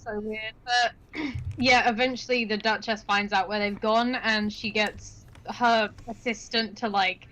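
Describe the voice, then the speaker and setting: A woman's voice: medium pitch, steady tone, a little slow, pushed and bright, poor audio. A woman casually chatting and recapping a movie with a friend, laughing often and using slangy, blunt words. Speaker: stream host.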